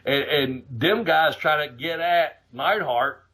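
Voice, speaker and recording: A man hosting a podcast, telling a road story in a casual, profane, animated way, laughing as he goes. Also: a little high, slow pace, breathy edge. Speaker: podcast host.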